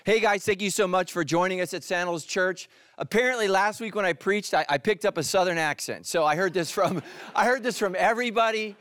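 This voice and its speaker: A middle-aged male pastor from California giving a sermon, full of jokes and stories, who drops to a hushed voice for emphasis. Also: sits high, brisk, few pauses, dry recording. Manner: humorous storytelling, drops to hushed tones for emphasis.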